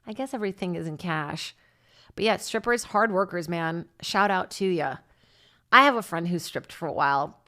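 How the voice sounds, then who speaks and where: A woman in her thirties hosting her own podcast, telling rambling self-deprecating stories in a casual comedy monologue. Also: normal speed. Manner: rambling, self-deprecating, breaks into laughter, lively jumps in pitch. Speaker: podcast host and stand-up comic.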